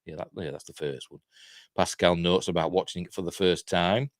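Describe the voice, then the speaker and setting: A man's voice: sits low, fairly even intonation, moderate pace, no room sound, studio quality. A man with a Yorkshire accent hosting a casual live news round-up. He reads articles aloud and breaks off into chatty, rambling asides. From Yorkshire, England. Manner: reads articles aloud then comments on them. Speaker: host.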